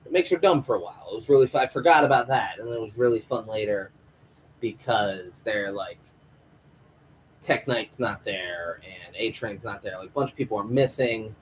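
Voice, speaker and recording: A man recapping a TV episode in a casual, animated way, swearing a lot and acting out the characters' lines. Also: lowish voice, moderate pace, slight background noise, poor audio. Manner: animated, profane storytelling with acted-out quotes. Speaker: show reviewer.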